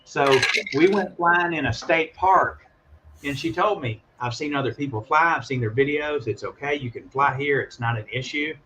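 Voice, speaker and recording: A man casually telling a story on a call, animated and acting out the voices of the people in it. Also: on the high side, normal speed, slight background noise. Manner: animated, acts out voices in his stories. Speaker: guest calling in.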